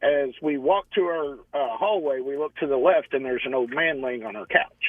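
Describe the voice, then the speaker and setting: A man's voice: medium pitch, moderate pace, dry recording, narrow, tinny audio. Shaken man telling a story by phone. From Louisville, Kentucky, US. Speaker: caller. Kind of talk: telling a story on a call-in show.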